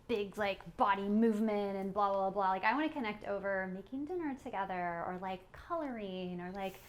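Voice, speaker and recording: A woman's voice: medium pitch, moderate pace. A woman co-hosting a parenting podcast, talking casually with many fillers and frequent laughs. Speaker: podcast co-host.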